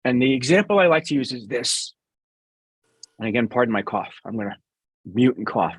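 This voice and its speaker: A man's voice: medium pitch, lively intonation, moderate pace, husky, no echo. A middle-aged man with a New York accent, answering interview questions bluntly and sarcastically as a business guest.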